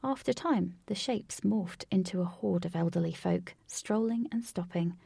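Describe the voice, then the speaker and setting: Gravelly woman reading a story aloud. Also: on the low side, warm tone, dry recording. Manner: unhurried, dips into whispers. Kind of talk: storybook narration.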